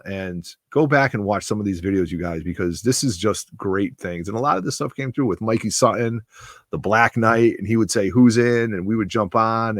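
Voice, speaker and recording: This comic book channel host, a man in his forties with a lowish voice, talks straight into a close, dry mic with no room sound. His tribute is heartfelt, emotionally charged, and rambling.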